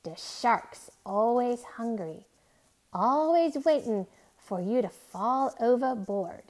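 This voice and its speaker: A woman voicing an old seaman who calls out loudly and steadily reassures a child. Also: fairly high pitch, animated, slow pace. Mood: reassuring. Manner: loud, urgent calls with a lilting dialect. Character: old weathered Caribbean seaman, steady and protective.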